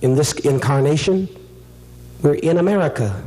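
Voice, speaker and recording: A man acting as a spirit medium in a seance, commanding and solemn, with sudden higher pleas. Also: animated, normal speed, warm tone, poor audio. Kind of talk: dramatic seance invocation.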